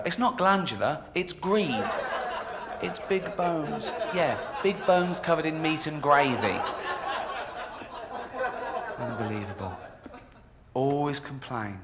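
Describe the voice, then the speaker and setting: A sardonic man working a club crowd with a mocking stand-up routine. His voice carries a long reverb tail, as if he is on a stage in a large room. A steady hiss sits clearly under everything. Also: unhurried, pauses often. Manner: sardonic, mocking, slips into squeaky put-on voices. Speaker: stand-up comedian. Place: comedy club stage in a video game. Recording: game audio, club reverb with crowd laughter.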